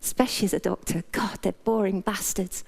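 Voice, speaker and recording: A woman's voice: mid-range voice, steady tone, brisk, vocal fry, noisy background. A middle-aged British woman, a doctor, giving a frank, playful motivational talk in a conversational way. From Britain. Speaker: doctor and speaker.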